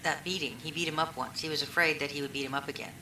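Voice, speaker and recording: A woman's voice: deep voice, fairly even intonation, racing, bright, forceful tone. A woman answering questions in a recorded police interview, rambling and retelling old conversations with lots of fillers. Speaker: witness being questioned. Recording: echoey room recording, faint hiss.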